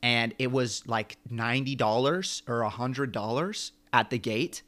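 A young man co-hosting a podcast, telling a long story in an animated, rambling way. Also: medium pitch, measured pace. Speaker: podcast co-host. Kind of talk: casual chat.

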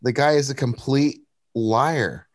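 A man's voice: mid-range voice, slow, dry recording, clean studio sound. A man on a political talk podcast, talking in an outraged way and stumbling over his words.

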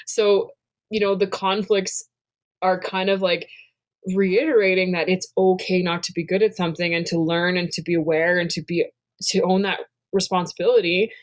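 A woman's voice: fairly low pitch, flat delivery, moderate pace. A woman in her thirties, co-hosting a podcast in casual chat, speaking candidly and with lots of energy, swearing freely. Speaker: podcast co-host.

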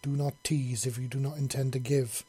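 A man's voice: mid-range voice, little pitch movement, moderate pace, warm tone, breathy edge, natural voice. A man voicing a powerful female alien hive queen, speaking in an intense, pleading way.

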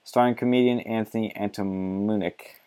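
A man's voice: fairly low pitch, steady tone, moderate pace, dark tone, clean tone. A man reading an article aloud and mocking it with sarcastic, profane commentary, often laughing.

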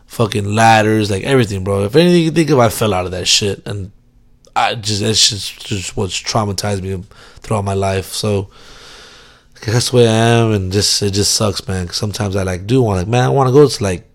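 A young man talks straight to camera in a rambling, profane vlog, piling fillers between his thoughts. His voice carries a rough, gravelly fry, and he keeps mocking himself as he goes. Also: lowish voice. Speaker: vlogger. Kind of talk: casual rambling monologue.

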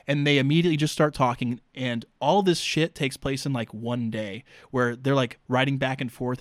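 A man's voice: mid-range voice, no echo, clean studio sound. A man hosting a comedic book recap, telling the story sarcastically and with lots of swearing. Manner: profane, sarcastic, fast storytelling. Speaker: podcast host recapping a book. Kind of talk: comedic recap, casual chat.

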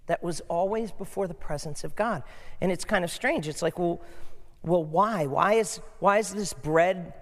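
Preaching man in a reverberant church. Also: on the high side. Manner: conversational preaching, asks the congregation questions. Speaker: pastor. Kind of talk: sermon. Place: church sanctuary. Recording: long hall reverb.

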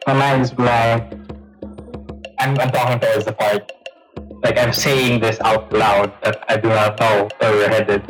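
A man playing a tabletop game, playful and quick to laugh, with music behind. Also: fairly low pitch, little pitch movement, poor audio. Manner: playful, giggly. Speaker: player. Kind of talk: casual chat. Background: background music.

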